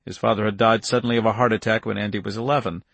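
A man reading a novel aloud in steady scripted narration, in a dry studio recording. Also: fairly low pitch, racing, gravelly, dry recording. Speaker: audiobook narrator.

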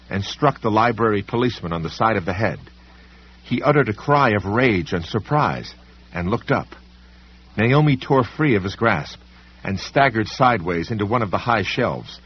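Male audiobook narrator, husky, animated pitch, dramatic, dull recording. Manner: dramatic, varied storytelling delivery. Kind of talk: scripted narration.

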